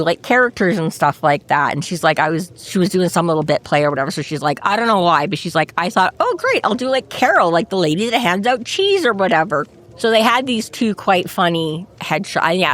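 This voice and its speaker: A woman's voice: lowish voice, fairly bright tone. A woman co-hosting a book podcast, chatting casually and rambling through stories full of acted-out quotes. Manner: rambling storyteller, lots of "like", acts out quotes. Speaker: podcast co-host. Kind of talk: casual chat.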